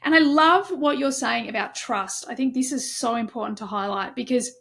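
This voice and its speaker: A woman's voice: a little high, moderate pace, gravelly, fairly bright tone. A woman hosting a podcast interview, enthusiastic and effusive, chatting casually with many fillers. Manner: enthusiastic and effusive, lots of "like" and "you know". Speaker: podcast host.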